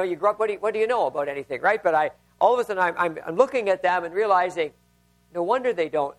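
Male pastor with a high-pitched voice, conversational sermon with anecdotes and frequent restarts.

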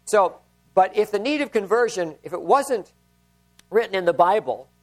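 High-voiced man preaching a sermon. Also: animated, moderate pace. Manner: conversational, with anecdotes, repeats and restarts. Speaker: pastor.

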